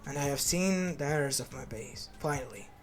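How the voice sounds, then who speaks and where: A man's voice: mid-range voice, lively intonation, fairly quick, close to an everyday voice. A man voicing a remorseful male king of the gods in a fan story, with an earnest, apologetic manner and faint lofi music behind.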